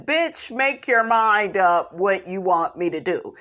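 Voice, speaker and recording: Slow, sassy woman recapping reality TV. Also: mid-range voice, expressive, fairly bright tone, dull audio. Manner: sassy, blunt, profane, peppered with "honey" and "okay?". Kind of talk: casual reality show recap commentary.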